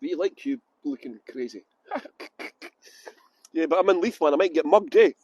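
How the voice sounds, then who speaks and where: A man's voice: on the high side, expressive, normal speed, a little mellow, husky, dull audio. A middle-aged Scottish man giving a live walking tour on city streets, joking cheekily and greeting viewers, speaking into a phone on a gimbal. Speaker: tour guide. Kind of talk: livestreamed walking tour chat.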